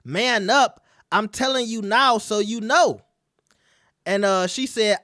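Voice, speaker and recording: High-voiced chatty man, dry close sound. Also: slow, bright, forceful tone, dry recording. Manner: chatty, conversational, keeps asking the audience. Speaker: commentary channel host. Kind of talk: casual commentary reading out text messages.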